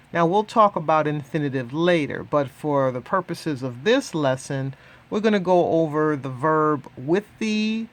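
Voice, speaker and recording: Slow, lively-pitched language teacher. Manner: slow, deliberate, repeats each word twice for listeners. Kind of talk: pronunciation drill lesson.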